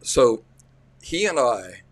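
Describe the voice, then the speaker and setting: A man's voice: medium pitch, sing-song, slow pace. A man with an Appalachian accent, hosting a livestream and telling rambling, folksy stories in a casual way. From central Appalachia. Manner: rambling, folksy, restarts often. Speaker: livestream host.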